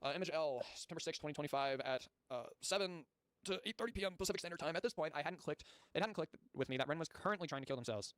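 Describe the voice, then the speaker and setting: A man's voice: a little high, racing, fairly bright tone, no room sound. A man streaming, reading chat logs aloud and adding blunt commentary, with casual swearing.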